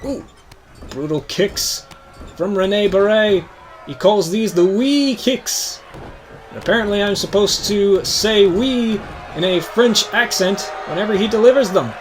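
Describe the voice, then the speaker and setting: A young man with a very high voice calls a wrestling match like a TV announcer, hyped and dramatic, climbing to shouts on the big moves. A faint hum of ambience sits under his voice. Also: unhurried. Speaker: host. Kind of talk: mock wrestling play-by-play commentary.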